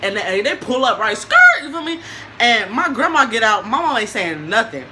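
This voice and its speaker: A young woman telling a story in a casual vlog, animated and slangy, laughing often. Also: a little high, a little fast, slight background noise, poor audio.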